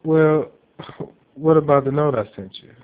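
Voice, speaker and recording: A man voicing a gentle, amused male figure of love who speaks slowly, recorded with a tinny phone-like sound. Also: fairly high pitch, voice pushed up, close to an everyday voice.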